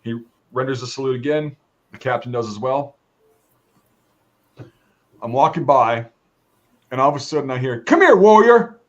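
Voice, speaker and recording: A man's voice: medium pitch, steady tone, normal speed, pauses often. A man telling a story in casual, profane podcast chat, acting out the voices of people he quotes. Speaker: podcast host. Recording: slightly dull lo-fi sound.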